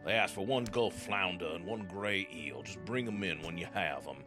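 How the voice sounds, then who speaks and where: A man voicing a male merchant in a video game, speaking low and measured while he reads out the merchant's lines. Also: over music, close to an everyday voice. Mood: businesslike. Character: male town merchant taking special orders.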